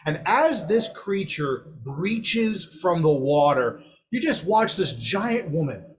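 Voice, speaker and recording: A man's voice: on the high side, very animated, slow pace. Playful man narrating as game master. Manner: vivid, playful narration with frequent laughs.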